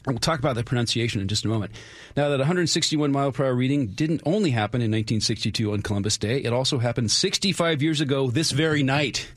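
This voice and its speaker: Fast-talking man telling history. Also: medium pitch, dry recording, clean studio sound. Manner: brisk, chatty storytelling. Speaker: resident historian. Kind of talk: radio history segment. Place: radio studio.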